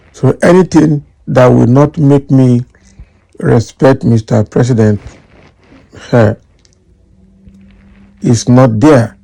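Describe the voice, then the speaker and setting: A Nigerian man reading out political news and then giving lively commentary, slipping into Nigerian Pidgin. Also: medium pitch, gravelly. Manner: animated, mixes in Nigerian Pidgin.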